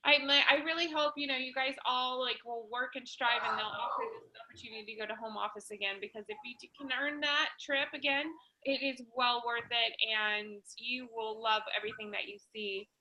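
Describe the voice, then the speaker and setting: A woman's voice: a little high, steady tone, brisk, bright, forceful tone, a little hiss or hum, low-quality recording. A woman leading a casual livestream update for her sales team, enthusiastic and full of ums and restarts. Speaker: direct sales team leader.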